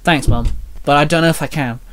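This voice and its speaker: A man's voice: fairly high pitch, brisk, a bit bright, no echo, close to an everyday voice. A man voicing a determined young woman, plain and understated. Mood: defiant.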